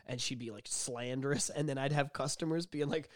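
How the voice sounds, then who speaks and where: A man's voice: medium pitch, fairly even intonation, fairly quick, dry recording, studio quality. A young man co-hosting a podcast, chatting casually and cutting in with sarcastic jokes. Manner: joking, sarcastic interjections. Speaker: podcast co-host. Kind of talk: casual chat.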